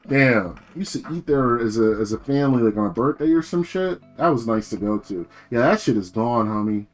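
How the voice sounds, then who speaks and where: A man's voice: medium pitch, lively intonation, a little fast, faint music behind. A young man from New Jersey chatting casually on a live stream, rambling, swearing and full of slang.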